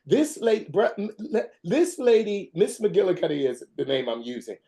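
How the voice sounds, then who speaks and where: A webinar presenter telling a folksy, animated story and acting out the quotes. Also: mid-range voice, moderate pace, few pauses.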